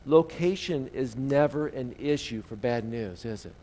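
A man preaching a sermon in a relaxed, conversational storytelling way, often asking his listeners questions. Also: mid-range voice, a little slow.

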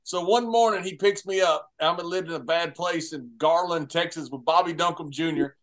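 A man recounts a road trip with plain enthusiasm. His voice sits higher than most men's. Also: normal speed, fairly bright tone. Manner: enthusiastic, admiring storyteller. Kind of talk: casual storytelling.

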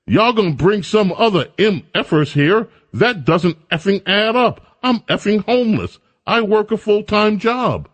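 A man voicing an angry local working man who shouts and curses. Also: fairly high pitch, big pitch swings, takes it slowly, voice pushed up, exaggerated voice. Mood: furious. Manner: shouting, cursing.

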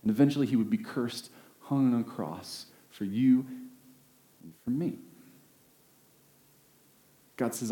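A man's voice: mid-range voice, dark tone. Earnest male pastor preaching in an echoey room. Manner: earnest, building to emphatic peaks with slowed key phrases. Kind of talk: sermon. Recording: roomy echo.

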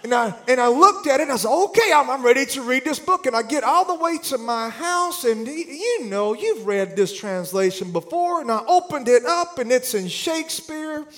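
High-voiced preacher man, lively storytelling. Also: normal speed, few pauses. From Alabama. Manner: animated humorous storytelling, turning earnest. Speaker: pastor. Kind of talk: sermon.

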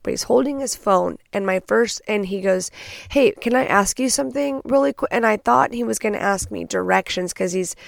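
A young woman from Texas tells a story on her podcast, blunt and profane, and she acts out the voices of the people in it. Her voice sits at a middle pitch. The sound is close and dry, with no room echo. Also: creaky. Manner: blunt, profane, animated retelling with quoted asides. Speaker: podcast host. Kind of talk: casual storytelling.

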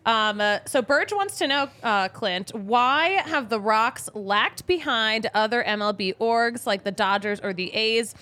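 A woman hosting a live podcast interview in an upbeat way, quick to react and laugh. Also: a little high, expressive, pushed and bright. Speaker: podcast host. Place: podcast studio.

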